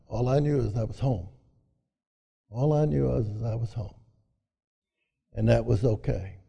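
An older Southern man from Arkansas tells a personal recovery story in a folksy, rambling way, full of "you know." His voice is gravelly, and it carries through a big hall with a long echo. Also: medium pitch, warm tone. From Arkansas, USA. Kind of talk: personal testimony talk. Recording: echoey hall, mic at a distance.

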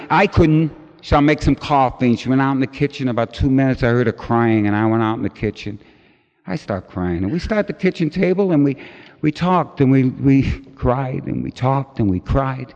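A middle-aged man tells a personal recovery story in an animated way, putting on the voices of the people in it. The recording is dull and lo-fi, and his voice rings through a large hall with a long reverb. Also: mid-range voice, fairly quick. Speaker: recovery meeting speaker.

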